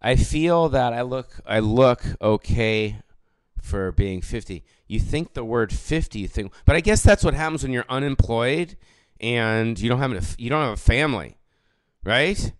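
A man of about fifty rants alone on his comedy podcast. He curses freely and wanders off topic, then corrects himself. His voice is smooth and sounds close and dry, with no room around it. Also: medium pitch, animated, unhurried, no room sound. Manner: rambling, profane, self-correcting. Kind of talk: casual solo podcast rant.

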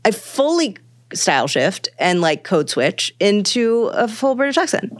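A woman's voice: medium pitch, sing-song, measured pace, dry recording, studio quality. A woman, talking bluntly and joking with lots of swearing in casual chat. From New York. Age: 40s.

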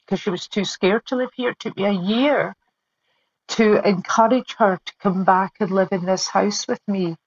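A woman giving an earnest, measured account of a frightening personal experience in an interview. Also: medium pitch. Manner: earnest, measured, emotional storytelling. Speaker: interviewee recounting being stalked. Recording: dull lo-fi sound.

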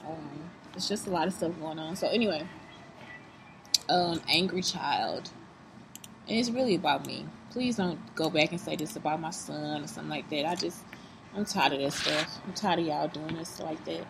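A woman's voice: deep voice, normal speed, gravelly. Woman vlogger, blunt and swearing, rambles, restaurant noise behind. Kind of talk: casual vlog talk. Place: fast-food restaurant. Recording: noisy restaurant background.

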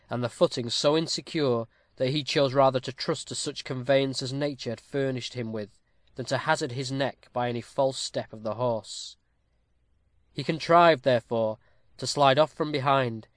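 A man reading a classic novel aloud with a steady, formal storytelling cadence, close to the mic. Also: mid-range voice, no echo. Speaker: audiobook narrator. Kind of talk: scripted narration of a classic novel.

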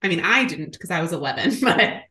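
A young woman co-hosting a casual podcast, recapping a movie in a sarcastic, animated way, with some swearing. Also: fairly low pitch, brisk. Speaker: podcast co-host.

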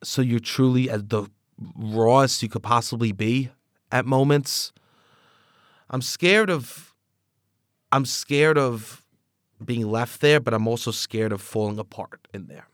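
An insecure, dramatic talking sock, as a man plays him, spilling his fears in an earnest, rambling way. The voice sits at an ordinary middle pitch and sounds dry and close to the mic. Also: a little slow, no echo, close to an everyday voice. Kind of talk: improvised comedic interview.

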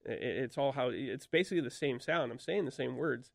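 Fast, gravelly man explaining duck calls. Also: medium pitch, dry recording, clean studio sound. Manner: demonstrates calls by voicing quacks, laid-back and joking. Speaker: duck call expert guest. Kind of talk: casual radio talk, explaining and demonstrating.

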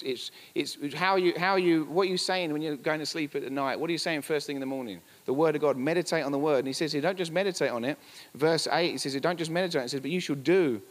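A male pastor preaching a sermon in church, emphatic and repetitive, with chatty asides. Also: fairly high pitch. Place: church hall. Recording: reverberant church hall.

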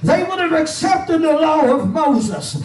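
High-pitched preacher shouting in sing-song. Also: male voice, sing-song, measured pace. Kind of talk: whooping chanted sermon. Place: church sanctuary. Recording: echoey room, far from mic, with music.

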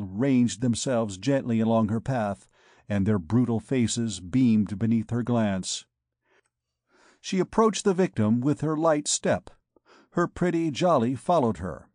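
Male audiobook narrator, measured reading, slow pace, dry recording. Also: medium pitch, a little mellow, no echo. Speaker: audiobook reader. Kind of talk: scripted narration.

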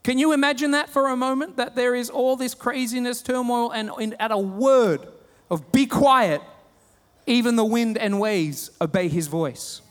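A man with an Australian accent preaching a sermon, telling stories with humor and animated retellings. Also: very high voice, normal speed, hardly any pauses, in a large hall. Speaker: pastor.

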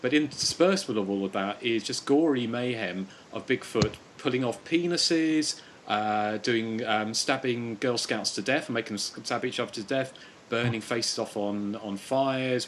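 A man's voice: mid-range voice, normal speed, a little hiss or hum. A man hosting a casual podcast, talking about horror films in a rambling way with many fillers. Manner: rambling, chuckling, quotes films with mock moans. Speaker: podcast host.

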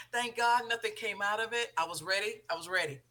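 A middle-aged woman hosts a talk show and tells a family story. Her voice is bright and forceful. She acts out each quoted line as she goes. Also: mid-range voice, moderate pace. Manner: animated storytelling, acting out quoted dialogue.

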